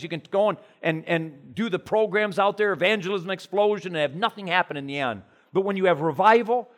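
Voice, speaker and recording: A male preacher delivers a passionate sermon in a fairly high voice. He builds to loud, soaring peaks of conviction and then sinks into hushed, low prayer.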